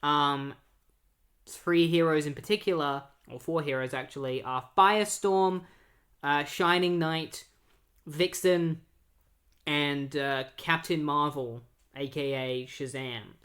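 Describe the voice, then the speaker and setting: A man's voice: on the high side, steady tone, slow pace, fairly bright tone. A man retelling a comic book story in a casual, loose way, with many fillers and restarts. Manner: filler-heavy, loose recap.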